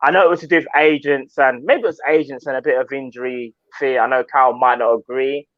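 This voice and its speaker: A man's voice: mid-range voice, steady tone, fast talker, dry recording. A man co-hosting a casual live-stream chat, thinking aloud and hedging his opinions. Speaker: co-host. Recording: dry, dull lo-fi audio.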